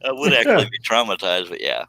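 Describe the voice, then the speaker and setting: Low-voiced wisecracking man. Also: wildly swooping pitch, fast talker, vocal fry, bright, forceful tone, no room sound. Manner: wisecracking, dry jokes. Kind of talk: casual banter. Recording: noisy live stream audio.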